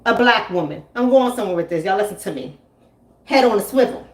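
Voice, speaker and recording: A woman hosting a live stream, telling a story and answering chat in an animated, emphatic way, often repeating lines for effect. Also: mid-range voice, a little fast, reverberant. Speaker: relationship coach and channel host.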